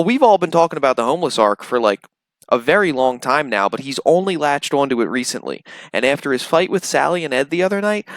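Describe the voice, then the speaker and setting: A man narrates commentary at a middling pitch, mocking and sarcastic. The sound is dry and close. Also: a bit bright, no echo. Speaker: commentary channel host. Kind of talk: commentary voice-over.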